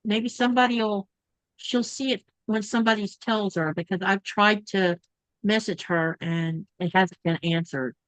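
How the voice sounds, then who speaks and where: A woman's voice: medium pitch, normal speed. A woman with a Southern US accent hosting a casual livestream, chatting and reading viewer comments aloud. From American South. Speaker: livestream host.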